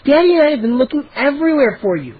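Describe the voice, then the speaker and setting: A man's voice: very high voice, sing-song, fast talker, highs cut off, pitched above the performer's own voice. A man reading a storybook aloud, voicing an impatient, bossy young girl who scolds. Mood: scolding. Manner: scolding, insistent.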